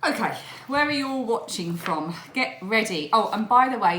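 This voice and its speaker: A woman's voice: medium pitch, expressive, moderate pace, fairly bright tone, slight background noise. Casual vlogger, woman, breezy and giggly, recorded at home in an echoey room. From England. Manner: chatty, laughs often, reads a long list. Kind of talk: casual home vlog chat.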